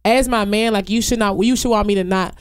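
Fast-talking woman arguing her point. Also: mid-range voice, steady tone, smooth, no echo, studio quality. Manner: argues her point emphatically, restarting sentences. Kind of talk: casual group discussion.

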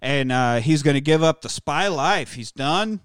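A man hosting a podcast, recapping a movie in animated, profane casual chat. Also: a little high, a little slow, smooth, no room sound, clean studio sound. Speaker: podcast host.

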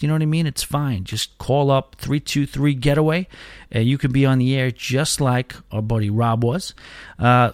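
A man's voice: mid-range voice, dry recording. Male podcast host, loose and self-deprecating, dry booth sound. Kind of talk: casual solo podcast chat.

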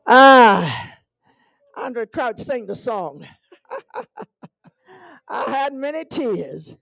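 A middle-aged woman evangelist preaching a sermon in a church, shouting and whooping in a sing-song rhythm. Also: high voice, creaky, no echo, poor audio.

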